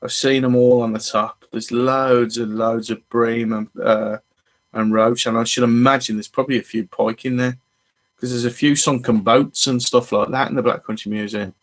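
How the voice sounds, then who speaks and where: A man's voice: medium pitch, fairly even intonation, normal speed. A man hosting a fishing channel, chatting casually on a live stream and greeting viewers as they arrive.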